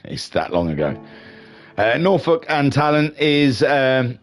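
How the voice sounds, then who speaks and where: An excitable man calls a sim racing event live, jumping between shouted race calls and jokey, rambling asides. He reads viewer chat aloud and chats with his audience in a mid-pitched voice, neither high nor low. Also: a little slow, soft background music. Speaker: race commentator and streamer.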